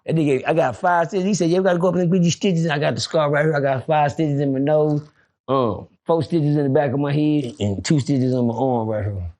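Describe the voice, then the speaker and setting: A man telling a prison story in casual chat, loud and profane, breaking into shouts. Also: on the high side, fairly quick. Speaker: podcast guest storyteller.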